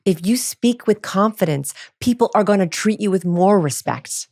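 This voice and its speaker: A woman behavioral researcher chatting as a podcast guest, animated and demonstrating vocal tones. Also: moderate pace, hardly any pauses. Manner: animated, demonstrates voices in high and low pitch. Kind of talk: casual chat with vocal demonstrations.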